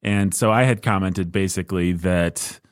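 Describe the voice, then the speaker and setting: Low-voiced guy rambling on a podcast, jokey, keeps restarting, dry close mic. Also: steady tone, moderate pace, smooth, no echo. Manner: rambling, self-interrupting, jokey. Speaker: podcast co-host. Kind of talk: casual podcast chat.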